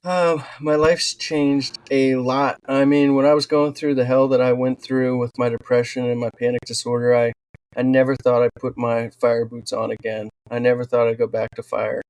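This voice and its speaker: A man's voice: mid-range voice, moderate pace, no echo. A man who is a podcast guest, telling personal stories earnestly in a casual interview, with plenty of "um"s along the way. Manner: earnest, animated storytelling with fillers. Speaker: podcast guest, wildland firefighter and author.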